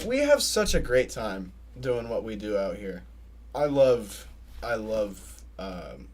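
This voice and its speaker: A young adult man hosting a podcast, telling rambling stories in casual livestream chat and laughing often. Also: mid-range voice. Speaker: podcast host.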